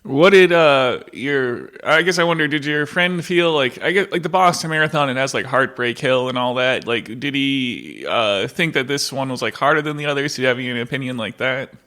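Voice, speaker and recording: Hesitant man with a bright voice. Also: mid-range voice. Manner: hesitant, halting, with many fillers. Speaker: podcast co-host. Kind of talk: casual podcast chat.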